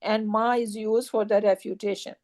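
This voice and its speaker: A woman's voice: medium pitch, flat delivery, moderate pace, darkish tone. A woman teaching a grammar class, explaining step by step, repeating key points and checking that students follow.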